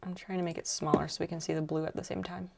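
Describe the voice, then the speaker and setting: A young adult woman streaming while she crafts, chatting casually and rambling softly as she thinks aloud. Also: on the low side, little pitch movement, quick pace, vocal fry, slight background noise.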